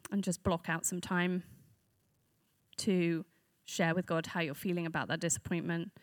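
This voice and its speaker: A woman's voice: on the low side, steady tone, normal speed, no echo, clean studio sound. A woman giving a conversational sermon to a church group, earnest and reflective, speaking off the cuff.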